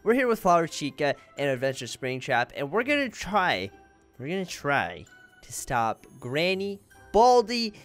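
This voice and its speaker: A man hosting his gaming channel, giving chatty, excitable gameplay commentary and talking straight to his viewers. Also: a little high, measured pace, soft background music. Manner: excitable, chatty, keeps addressing viewers as guys.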